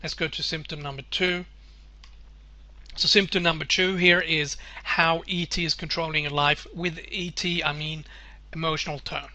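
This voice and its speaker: A man's voice: fairly high pitch, steady tone, normal speed, pushed and bright, no room sound. A man presenting a webinar with slides, explaining earnestly and often circling back to restate his points.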